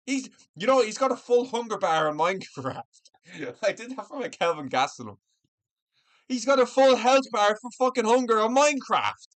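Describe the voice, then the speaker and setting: A man's voice: sits high, a bit bright. A man hosting his own channel, ranting angrily and swearing constantly in a heated commentary vlog from his room at home. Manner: angry, profane, heated ranting. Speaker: MMA commentator, channel host.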